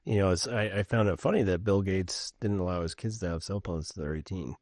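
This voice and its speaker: A middle-aged man co-hosting a casual podcast chat, telling stories in an animated way and swearing freely. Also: sits low, a little fast, no room sound, clean studio sound. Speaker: podcast co-host.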